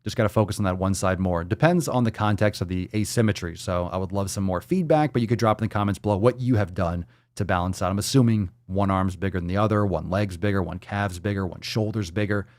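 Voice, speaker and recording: Brash, profane fitness show host. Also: male voice, low-pitched, fast talker, hardly any pauses, a little mellow, no echo. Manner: brash, profane, hype-man energy. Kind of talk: live-stream show, reading comments.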